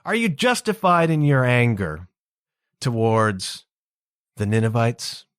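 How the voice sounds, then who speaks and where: A man's voice: mid-range voice, very animated, takes it slowly, a bit bright, clear, resonant tone, no echo, studio quality. A man voicing a stern male deity who presses repeated questions. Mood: questioning.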